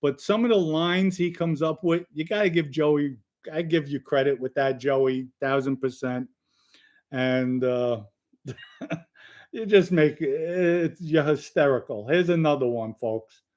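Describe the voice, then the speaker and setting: A man's voice: a little high, takes it slowly, darkish tone. A blunt, profane man talks straight to the camera in a slightly raised voice. His commentary is casual but confrontational, full of taunts and hard accusations. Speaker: commentator reacting to clips.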